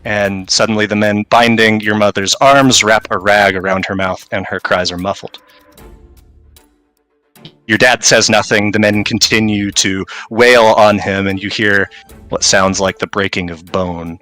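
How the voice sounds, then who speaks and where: A man narrates as game master, describing the scene to his players in measured, vivid detail. His voice sits low but rings bright and forward. Quiet music plays behind him. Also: steady tone, no room sound, rough recording. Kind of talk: dramatic second-person narration of a tabletop game.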